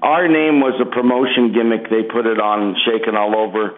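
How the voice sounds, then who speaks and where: An older man with a Canadian accent, a musician telling stories in a relaxed, hesitant way with many fillers in a phone interview. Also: fairly low pitch, normal speed. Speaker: guest musician. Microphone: telephone. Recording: phone line.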